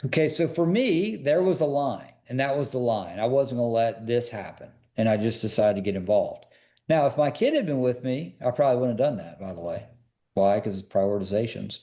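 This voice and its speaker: This personal security expert speaks at a normal pace in a mellow, mid-range voice with lively intonation. As a podcast guest in a relaxed interview, he tells stories with earnest emphasis and keeps pushing listeners with repeated questions.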